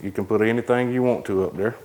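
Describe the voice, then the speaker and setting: A trailer salesman walks viewers around and through a cargo trailer, running down its features in a relaxed, matter-of-fact product tour. His voice sits lowish and steady, a little mellow, and he talks fast over a slight hiss or hum.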